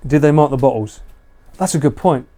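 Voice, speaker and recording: A man's voice: mid-range voice, a little fast, warm tone. A man casually chatting with viewers during a live stream, joking and laughing often. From United Kingdom. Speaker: livestreamer. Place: house.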